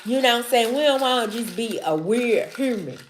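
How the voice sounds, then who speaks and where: Woman, Mississippi Southern accent, slightly high voice, casual livestream chat, slangy, repeats herself. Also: lively intonation, fairly quick, slight background noise. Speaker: livestream host. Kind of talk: casual live-stream chat.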